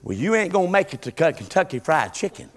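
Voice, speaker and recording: A middle-aged man preaching a sermon, swinging between shouted peaks and low, quiet passages. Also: big pitch swings, quick pace, some chatter behind. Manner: shouting, rising and falling Southern preaching cadence.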